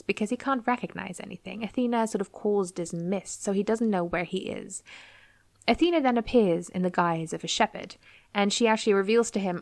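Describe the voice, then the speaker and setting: Woman podcast host, casual retelling, playful character voices, mid-pitched, close dry sound. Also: normal speed, no echo. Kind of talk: casual storytelling retelling of a book.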